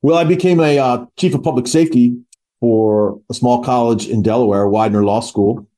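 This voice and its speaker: A man's voice: mid-range voice, moderate pace, warm tone. A man in his sixties from the Philadelphia area, a retired army officer recalling his career as a guest, talking casually with many fillers and restarts. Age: 60s. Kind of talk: casual interview.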